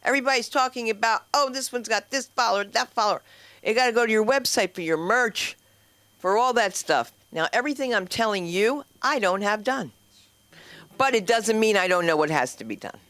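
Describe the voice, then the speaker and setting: Brash bright-voiced woman comedy host. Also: fairly high pitch, animated, dry recording. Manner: brash, blunt, swearing, quick anecdotes. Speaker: comedy teacher and club host. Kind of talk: open-mic stand-up banter. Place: small comedy club. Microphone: handheld stage mic.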